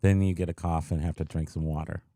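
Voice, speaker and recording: A man's voice: a bass voice, fast talker, no echo, studio quality. Sleepy, joking male podcast co-host. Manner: joking, deadpan. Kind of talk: casual chat.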